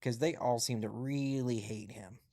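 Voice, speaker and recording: A man's voice: medium pitch, steady tone, moderate pace, dark tone. Rambling male live stream host. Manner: rambling, reading headlines aloud with musing asides. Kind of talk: casual live stream chat.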